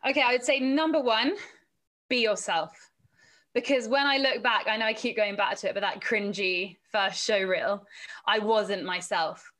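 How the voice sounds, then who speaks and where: Bright-voiced chatty woman. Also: mid-range voice, moderate pace. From England. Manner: chatty, laughs often, acts out quoted voices. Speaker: sports presenter and reporter, podcast guest. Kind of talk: casual interview answers.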